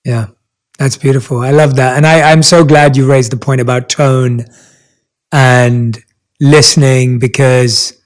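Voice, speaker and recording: A man's voice: medium pitch, fairly even intonation, unhurried, rough recording. A man hosting a podcast interview, asking questions in an enthusiastic, affirming way. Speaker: podcast host. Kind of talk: conversational interview.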